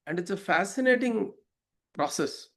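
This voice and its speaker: A man's voice: high voice, animated, normal speed, a bit bright. A man explaining a scripture verse as a spiritual teacher, reflective, asking rhetorical questions and telling parables.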